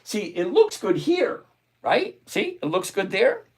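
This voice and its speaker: A man's voice: sits high, wildly swooping pitch, measured pace, slightly rough. Emphatic, lecturing male trading streamer. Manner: exasperated, emphatic, lecturing viewers. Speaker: livestream stock trading host. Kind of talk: casual livestream commentary.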